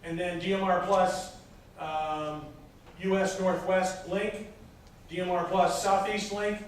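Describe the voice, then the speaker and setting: A man with a somewhat high voice teaches a roomful of students, walking them through a procedure step by step. He stops often to hunt for the next word. A distant recorder in a very echoey classroom catches him, with a faint hiss underneath. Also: little pitch movement, slow. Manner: explains step by step with frequent hesitations. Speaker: instructor. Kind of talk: classroom lecture. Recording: echoey room from far off, faint noise.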